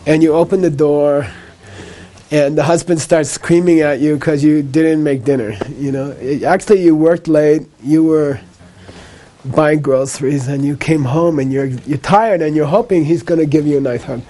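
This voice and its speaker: A man lecturing a class on Buddhist ideas in a mellow, fairly high voice. He explains patiently with a light laugh now and then, says each key point more than once and checks in with "okay?" after it. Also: steady tone, moderate pace. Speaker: Buddhist teacher.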